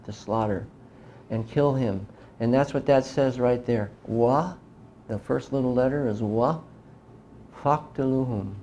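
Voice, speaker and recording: A man's voice: mid-range voice, dark tone, slight background noise. A middle-aged man giving an emphatic lecture to a live audience, often asking rhetorical questions. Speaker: speaker lecturing on religion.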